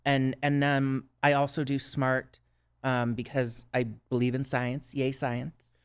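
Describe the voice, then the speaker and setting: Smooth-voiced man with a Minnesota accent. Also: mid-range voice, monotone, measured pace. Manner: earnest, reflective storyteller with frequent "right?" tags. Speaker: guest, substance use counselor. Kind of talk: casual podcast conversation.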